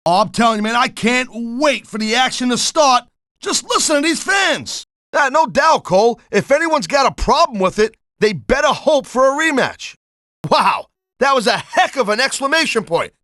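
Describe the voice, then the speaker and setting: A man's voice: extremely high pitch, animated, normal speed, pushed and bright, no room sound, studio quality. A middle-aged man doing color commentary for a wrestling video game, blunt and wisecracking with tough-guy slang.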